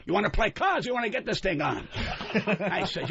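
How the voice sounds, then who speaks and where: A man's voice: high voice, animated, moderate pace, creaky, fairly bright tone. An older man, a guest comedian on a radio talk show, ranting in a hostile, profane, combative way. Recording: muffled radio broadcast.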